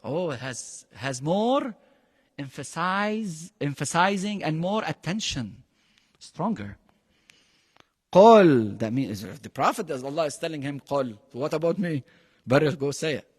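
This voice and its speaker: A man's voice: fairly high pitch, expressive, unhurried, slightly rough, in a large hall. A man teaching a Quran lesson, emphatic, often quizzing his class and mixing phrases into his English. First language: Arabic. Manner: quizzes the class with frequent questions.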